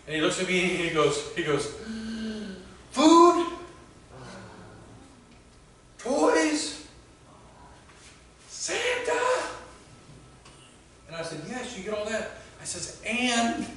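Echoey pastor preaching from afar. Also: male voice, high voice, a bit bright, a little hiss or hum. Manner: conversational storytelling, halting restarts. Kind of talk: sermon. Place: church sanctuary. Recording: very echoey church hall from far off.

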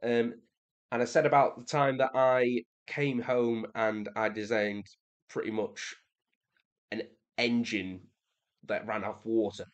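A young Englishman with a clear English accent reads and answers viewer comments in a relaxed, chatty way. He is dry and sarcastic, then climbs into high, exasperated bursts when something riles him. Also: slow pace. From England. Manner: sarcastic, swings into exasperated high-pitched rants. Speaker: reaction video creator. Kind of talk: casual reaction commentary.

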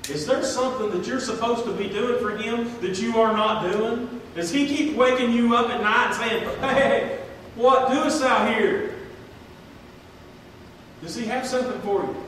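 A man's voice: very high-pitched, moderate pace, a little hiss or hum. A man preaching a sermon as pastor, earnest and folksy, with plain everyday grammar, reading scripture aloud in old-fashioned wording. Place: church sanctuary. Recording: echoey church hall, voice from far off.

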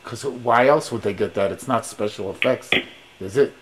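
A man's voice: mid-range voice, moderate pace. A man on a rambling phone call, talking in a pushy, grandiose, sing-song patter full of rhymes and sermon-like lines. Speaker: caller.

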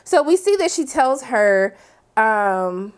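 A woman hosting a TV episode recap, talking in a sassy, slangy, animated way with dramatic asides. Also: a little high, slow, clear, resonant tone. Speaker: TV recap host. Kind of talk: casual episode recap commentary.

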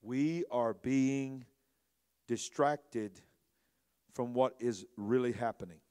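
A man preaching a sermon as a bishop. His delivery swings from hushed to loud, and he repeats phrases for emphasis. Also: medium pitch, slow, clean tone.

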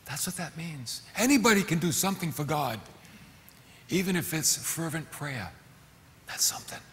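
Middle-aged male pastor, slightly high voice, animated sermon delivery, reverberant church hall. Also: moderate pace. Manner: animated preaching, acting out quoted voices with sudden shouts.

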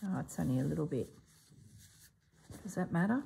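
A woman hosting a sewing vlog who thinks aloud as she works, musing to herself in a soft, half-whispered voice. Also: sits low, lively intonation, normal speed, vocal fry, slight background noise. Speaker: sewing channel host.

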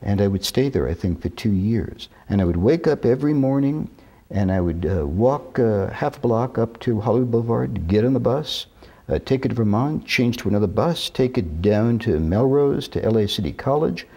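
A man in his sixties from New York, telling stories in an interview with measured, deliberate, careful diction. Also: mid-range voice, expressive, warm tone, highs cut off. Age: 60s. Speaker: interview guest. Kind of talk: reminiscing interview talk.

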